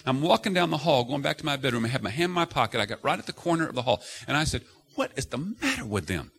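A man's voice: medium pitch, very fast, creaky. A middle-aged man preaching a sermon to a congregation, telling stories and acting out the voices he quotes. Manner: animated storytelling, acts out quoted voices loudly. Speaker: pastor. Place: church sanctuary before a congregation.

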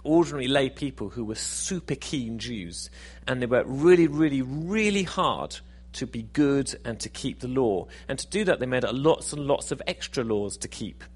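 A man's voice: mid-range voice, animated, normal speed, hardly any pauses, breathy edge. A man preaching a sermon in a conversational, self-deprecating, jokey way.

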